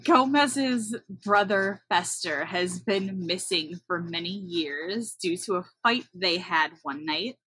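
A woman co-hosting a casual chat, wryly recapping a movie in a steady, explaining way. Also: lowish voice, takes it slowly, few pauses, husky, no echo, poor audio. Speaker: podcast co-host.

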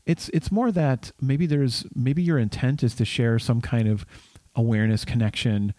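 Guy cohosting a podcast, mellow voice, lots of uh and um, dry sound. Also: medium pitch, moderate pace, no echo. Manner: hesitant, many fillers and restarts. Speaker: podcast co-host. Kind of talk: casual podcast chat.

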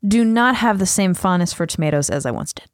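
A woman's voice: medium pitch, animated, fairly quick. A woman co-hosting a podcast, chatting casually and telling stories in a rambling, friendly way with plenty of fillers. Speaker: podcast co-host. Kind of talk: casual chat.

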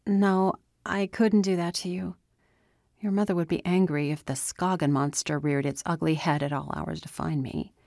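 A woman voicing a stubborn, desperate teenage girl who argues insistently and sometimes breaks into yelling. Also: on the low side, fairly even intonation, moderate pace, gravelly, no echo, studio quality. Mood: subdued. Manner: insistent, argumentative, rising to yells.

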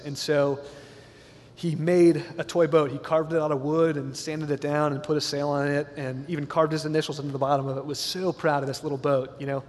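A man preaching a sermon, telling a story in an earnest, slowly building way in a church. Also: a little high, a little mellow. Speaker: pastor. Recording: long hall reverb, faint room ambience.

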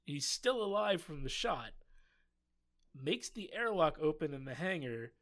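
A man's voice: on the high side, very animated, a little slow, a bit bright. A man recapping a show episode in casual chat, rambling with lots of fillers and laughs. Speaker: podcast co-host recapping a show.

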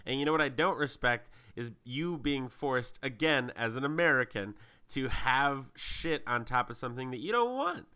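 A man's voice: medium pitch, lively intonation, moderate pace, bright, forceful tone, clean tone. A man co-hosting a casual podcast, making emphatic, joking points. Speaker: podcast co-host. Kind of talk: casual chat.

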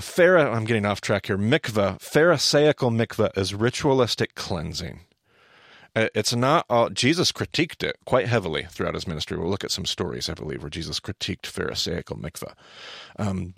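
Low gravelly-voiced man teaching on a podcast. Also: fairly bright tone, no room sound, clean studio sound. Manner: explanatory, self-correcting, emphatic. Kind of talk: casual teaching talk.

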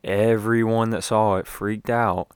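A man's voice: fairly low pitch, steady tone, unhurried, smooth, no echo, clean studio sound. A young man giving a rambling, casual recap as a sports fan, with lots of fillers and restarts.

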